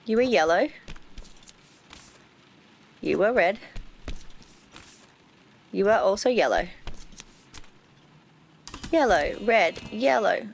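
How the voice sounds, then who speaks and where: A woman's voice: mid-range voice, lively intonation, slow pace, gravelly, pauses often. A woman streamer chatting casually while playing a game, reading its text aloud with playful asides.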